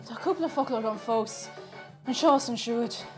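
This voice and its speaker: Young Irish woman, a bright-pitched and chatty live-stream host, with faint music behind her. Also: brisk. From Ireland. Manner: chatty, reads out chat messages. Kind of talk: casual live-stream chat while cooking.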